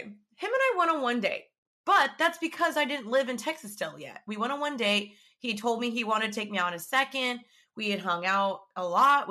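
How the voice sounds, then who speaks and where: A woman's voice: mid-range voice, pushed and bright. A young woman hosting a podcast, chatting casually and animatedly retelling her story with quoted back-and-forth. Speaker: podcast host.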